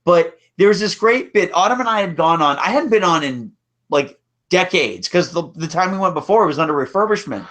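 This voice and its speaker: A man hosts a casual podcast conversation about theme park rides, chatty and rambling and often restarting his sentences. His high, fairly bright voice swings widely in pitch and moves a little fast.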